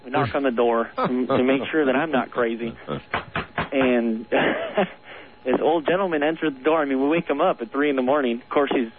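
Man, radio caller, mid pitch, earnest, rambling, nervous laughs, tinny phone line. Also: moderate pace, slight background noise. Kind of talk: telling a ghost story on a phone-in.

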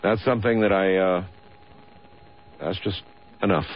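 A low-pitched man hosts a late-night call-in radio show, teasing his callers and reacting with wry disbelief. His voice comes through a dull, lo-fi radio broadcast. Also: fairly even intonation, unhurried. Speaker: radio talk show host.

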